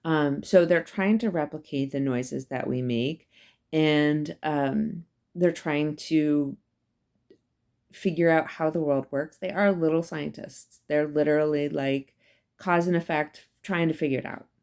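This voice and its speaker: Female professor with a low voice, conversational lecture, emphatic with lots of fillers. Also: unhurried, a little mellow. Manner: chatty and emphatic, many fillers and asides. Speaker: psychology professor. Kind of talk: casual recorded lecture.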